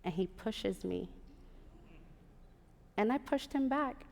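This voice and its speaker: A woman in her thirties telling a personal story live on stage, animated and acting out the voices of the people in it. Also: on the high side, slow pace, creaky. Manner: lively, animated, acts out quoted voices. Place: large theater stage. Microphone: stage microphone. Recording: long theater reverb. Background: live audience.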